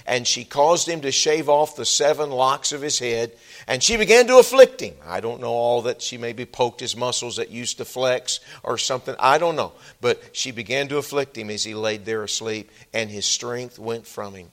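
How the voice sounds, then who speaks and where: Male pastor, mid-pitched, preaching style with big emphatic swells and hushed drops. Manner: rises to loud emphatic peaks, then drops low and quiet. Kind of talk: sermon. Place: church sanctuary.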